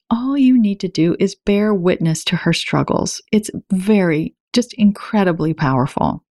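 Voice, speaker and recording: A woman in her forties hosts a self-help podcast, talking to the listener in a warm, encouraging, conversational way. Her voice sits in a middle register and is recorded close on a studio mic with a dry sound and no room around it. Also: medium pitch, no echo. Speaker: podcast host.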